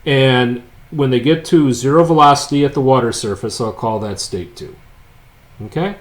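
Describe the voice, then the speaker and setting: A man teaching a physics lecture in a casual, joking way, telling a story with wry asides before working through a problem. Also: normal speed. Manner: wry, joking storyteller, swings between loud and low asides. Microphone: unseen lecturer, voice-over of board work.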